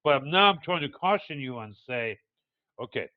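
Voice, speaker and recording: A man's voice: medium pitch, expressive, normal speed, no room sound. Older male analyst with a foreign accent, digressive teacher, thin tinny dry recording. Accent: non-native English accent. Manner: digressive, hesitant, many uh fillers, explaining step by step. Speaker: market analyst teaching a live webinar. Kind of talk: live chart walkthrough for traders. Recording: tinny phone-like dry sound.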